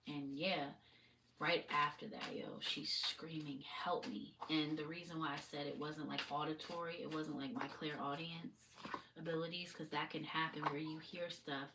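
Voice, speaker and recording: A woman with a deep voice talks at a normal pace and keeps her intonation fairly even. She's a spiritual reader chatting loosely on a livestream, rambling and casually swearing. The mic is distant and picks up faint noise.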